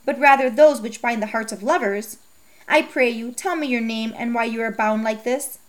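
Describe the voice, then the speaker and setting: A proud young hero from an old storybook, stern and courtly, as a woman reader gives him voice. The voice sits fairly high and reads every line in formal, old-fashioned words. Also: normal speed, lightly acted.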